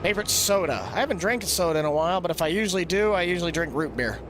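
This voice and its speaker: A man's voice: sits high, animated, very fast, background noise. A young man rambling and joking casually while live-streaming a farming game. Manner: rambling, jokey, laughs often. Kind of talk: casual gameplay chatter.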